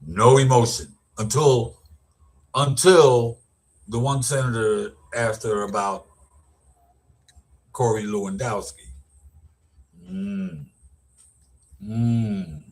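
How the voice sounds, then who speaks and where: A man's voice: lowish voice, fairly even intonation, slow pace, pauses often. A middle-aged man, an educator, giving casual, rambling commentary with lots of restarts and repeated words. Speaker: vlogger, educator.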